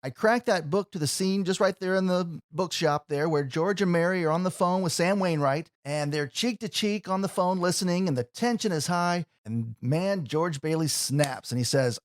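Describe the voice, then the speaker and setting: A man's voice: high-pitched, moderate pace, hardly any pauses, no echo, studio quality. A man hosting a radio interview, earnest and openly emotional as he talks. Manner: warm-hearted, earnest, emotional. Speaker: radio host.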